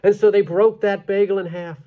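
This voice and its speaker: A man telling a story live on stage, animated and playful with dramatic pauses. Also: high-pitched, highs cut off.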